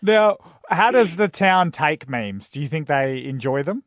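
A man's voice: on the high side, expressive, a little slow, fairly bright tone. A man hosting a radio interview, asking casual questions.

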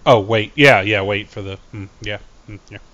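A man's voice: on the low side, normal speed, a bit bright, no echo, muffled recording. A man chatting casually and goofily on a live game stream. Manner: goofy, rambling, playful voices.

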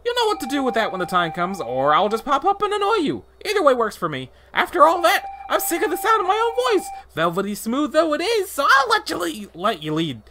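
A man's voice: very high voice, huge pitch swings, fairly quick, few pauses, noisy background, pitched above the performer's own voice, heavily acted. A man voicing a chatty, wisecracking floating dung beetle creature in a game playthrough, talking in a breezy, self-satisfied way. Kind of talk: video game voice acting.

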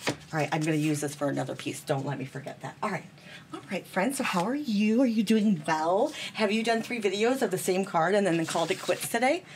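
A woman's voice: mid-range voice, expressive, fairly quick, background noise. A woman chatting bubbly and self-deprecating while she demonstrates card making at her craft table, talking to viewers as friends.

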